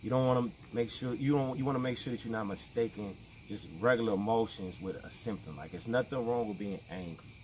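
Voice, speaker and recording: A man's voice: on the low side, brisk, hardly any pauses, a little mellow, a little hiss or hum. A man with explaining things in a casual, conversational talk to camera. He often repeats himself and acts out the people he quotes. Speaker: vlogger.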